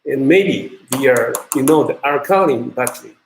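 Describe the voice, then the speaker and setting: A man with a Japanese accent who speaks Japanese natively, giving a university lecture in English in a halting way, with many fillers and restarts. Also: medium pitch, lively intonation, a little hiss or hum. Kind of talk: recorded lecture. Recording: echoey room.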